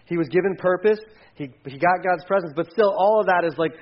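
A man preaching a sermon in a casual, animated way, acting out quotes and sometimes dropping his voice low. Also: a little fast, dull audio. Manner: conversational, animated, acts out quotes, drops to hushed tones. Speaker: pastor.

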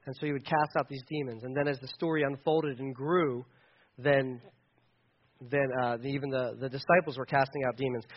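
A man's voice: mid-range voice, steady tone, a little fast, highs cut off. A man preaching a conversational sermon as a pastor, casual and chatty, often restarting his sentences with fillers.

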